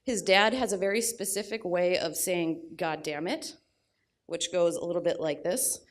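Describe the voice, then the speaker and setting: Young woman, storyteller, blunt, crude, deadpan, slightly low voice, live event. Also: moderate pace.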